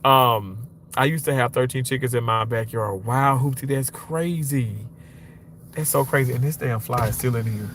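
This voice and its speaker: A man's voice: normal speed, slight background noise. A man hosting a casual livestream from a car, reading viewer comments aloud in a chatty, playful way. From Mississippi, US. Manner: chatty, playful, reads comments aloud, swings up high when excited. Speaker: livestream host reading chat.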